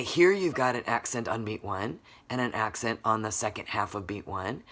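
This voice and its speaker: A woman's voice: a bass voice, a bit bright. A woman music teacher giving a recorded lesson for children, patiently counting beats aloud and quizzing the class as she goes.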